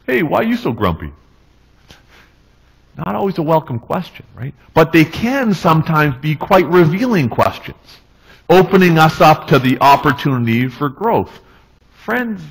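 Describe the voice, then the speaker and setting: A male pastor preaching a sermon in a relaxed, conversational way, often checking in with the congregation. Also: a little high, vocal fry, husky, rough recording. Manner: conversational, tag questions, restarts. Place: church.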